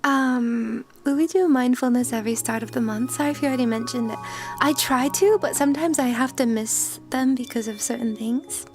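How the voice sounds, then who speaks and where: A woman's voice: high voice, brisk, music in the background. A woman VTuber streamer in casual livestream chat, giggly and greeting her chatters by name.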